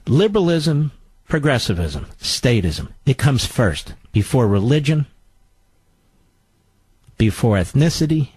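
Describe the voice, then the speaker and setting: A man's voice: on the high side, husky, dry recording. A man hosting a talk show, delivering a combative political monologue with sarcastic, mocking asides.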